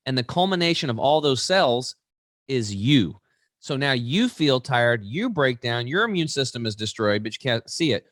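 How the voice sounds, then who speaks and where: A man in his forties with a mid-range voice is an interview guest, telling stories animatedly and emphatically. The recording is studio quality with no echo.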